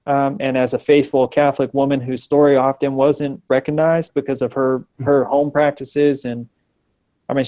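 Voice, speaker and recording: A man in his thirties telling a personal story as a guest in a casual video-call interview, animated, with frequent ums and restarts. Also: medium pitch.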